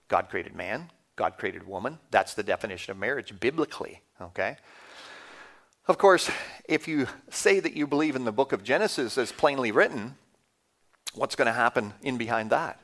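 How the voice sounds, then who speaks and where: A Canadian man in his fifties, speaking Canadian English in a medium-pitched, slightly bright voice, appears as a guest speaker. He preaches a conversational sermon to a congregation, putting questions to the audience as he goes.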